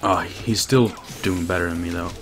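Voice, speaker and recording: A man streaming himself playing a fighting game, chatting casually, swearing and laughing, with bursts of excited shouting. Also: deep voice, moderate pace, faint music behind. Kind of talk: casual gameplay commentary.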